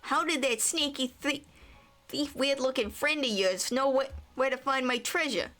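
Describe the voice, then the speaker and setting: Hot-tempered treasure hoarder, put on by a woman: threatening and slow-spoken. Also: sits high, bright, forceful tone, faint music behind, voice pushed up. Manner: threatening, blustery, with a half-tried tough-guy accent.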